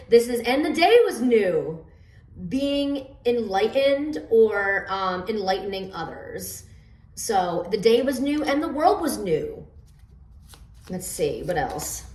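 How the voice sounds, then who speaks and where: A woman with a mid-range, slightly mellow voice reads oracle cards and casually explains the homemade deck she made. She rambles, using fillers and stammering into restarts. The recording sounds roomy and echoey, with her distant from the mic.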